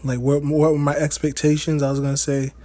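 A man's voice: fairly high pitch, completely flat delivery, a little fast, dark tone. A man co-hosting a casual couple's podcast, talking in a laid-back, hesitant way that trails off. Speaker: podcast co-host.

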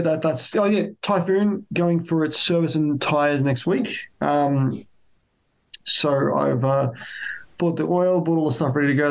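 Gravelly man, rambling chat. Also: mid-range voice, darkish tone, highs cut off. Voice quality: rambling with many restarts. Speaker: podcast co-host. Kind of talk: casual chat.

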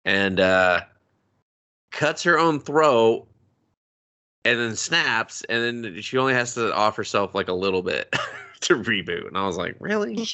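A man's voice: fairly low pitch, a little slow, pauses often. A man co-hosting a podcast, recapping an anime episode in casual, profane chat and acting out the characters' lines. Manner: profane, animated, acts out quotes. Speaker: podcast co-host.

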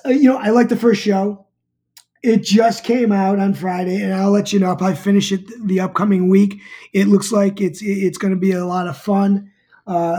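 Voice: mid-range voice, dark tone. A middle-aged TV show reviewer talking casually, rambling, with many fillers and restarts.

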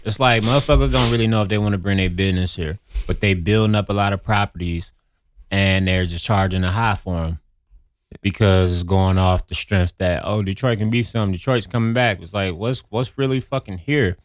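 A man on a casual podcast, ranting with animated complaints and lots of swearing. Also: lowish voice, fairly quick, dry recording, clean studio sound. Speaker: podcast co-host. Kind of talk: casual chat.

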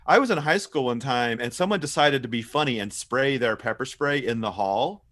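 A man's voice: mid-range voice, animated, normal speed, fairly bright tone. A man co-hosting a casual rewatch podcast, rambling with lots of fillers and restarts. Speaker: podcast co-host.

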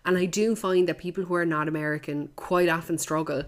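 A woman hosts a casual movie podcast, talking in a lively, sweary way and laughing easily at her own jokes. Her voice sits slightly low for a woman. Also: brisk. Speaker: podcast host.

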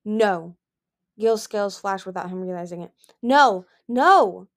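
A woman's voice: lowish voice, steady tone, moderate pace, a little mellow, lightly acted. A woman reading the lines of a grieving, furious male sea dragon king, harsh and roaring. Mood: anguished.

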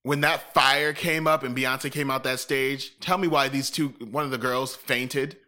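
A man in a casual chat, telling a lively, profane story and acting out what people said. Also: mid-range voice, measured pace. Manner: animated, profane storytelling with acted-out quotes.

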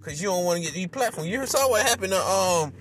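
Guy ranting on his podcast, mad and cussing, high voice jumping all over. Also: expressive, fast, faint music behind. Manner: heated, swearing, bursts into shouting. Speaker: podcast host. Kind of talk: angry profane rant.

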